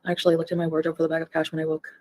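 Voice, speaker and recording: Fast-talking chatty woman streamer. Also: sits low, monotone, darkish tone. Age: 30s. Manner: chatty, rambling, laughs often. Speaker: YouTube reaction streamer. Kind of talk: casual livestream chat.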